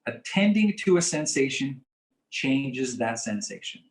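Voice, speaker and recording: Calm man teaching in an echoey room. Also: mid-range voice, slight background noise. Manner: calm, measured and explanatory, often repeating key phrases. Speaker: presenter on coping with stress. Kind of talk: community teaching talk. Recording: roomy echo.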